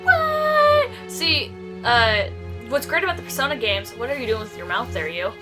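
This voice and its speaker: A woman's voice: fairly high pitch, expressive, a little fast, over music. A woman chatting casually while her friend plays a video game, teasing, enthusiastic and swearing freely. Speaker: co-host watching the game. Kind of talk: casual let's-play banter.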